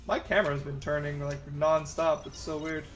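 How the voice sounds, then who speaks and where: A man's voice: on the high side, level tone, normal speed. A man chatting casually with friends while playing an online game, rambling and restarting his sentences. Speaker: gamer in voice chat. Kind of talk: casual chat while gaming.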